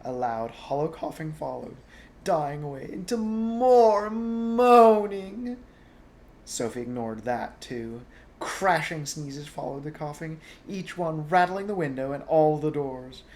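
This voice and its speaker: A man's voice: a little high, unhurried, a little mellow. A man reading a bedtime story aloud, now and then adding chatty asides to the listener.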